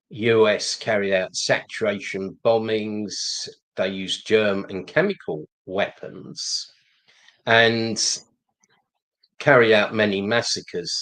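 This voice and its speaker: A man hosting a livestream discussion, measured with occasional fillers. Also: lowish voice, fairly bright tone, rough recording. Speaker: host.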